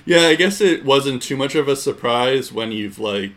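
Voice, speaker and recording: A man's voice: mid-range voice, lively intonation, normal speed, fairly bright tone. A man co-hosting a casual sports podcast, rambling with lots of fillers. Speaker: podcast co-host.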